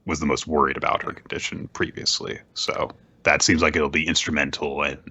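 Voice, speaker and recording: A man co-hosting a casual manga podcast, adding quick reactions and asides. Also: rumbling low, flat delivery, sharp tone, husky. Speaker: podcast co-host. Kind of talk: casual manga recap chat.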